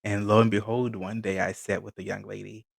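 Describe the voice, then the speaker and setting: A man hosting a podcast, telling his story in a relaxed way and laughing often. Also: on the low side, brisk, vocal fry, dry recording. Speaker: podcast host. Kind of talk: casual conversational interview.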